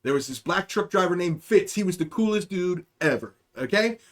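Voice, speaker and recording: A man's voice: sits high, lively intonation, moderate pace. A young man hosting a livestream, telling a rambling, profane story in casual chat, often checking in with "okay?". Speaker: livestream host.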